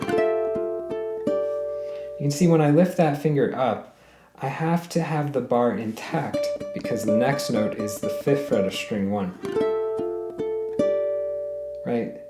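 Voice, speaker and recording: Counting beats out loud and humming the tune, this man walks viewers, whom he calls "guys," through a ukulele lesson one step at a time in a friendly way. His voice is mid-range with a dark tone. There's a roomy echo, and a ukulele can be heard playing.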